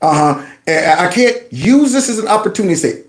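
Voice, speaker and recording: Animated man giving mocking commentary. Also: brisk, reverberant. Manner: animated, mocking, mimics clip voices in a high pitch. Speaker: political commentary host. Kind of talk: casual political commentary.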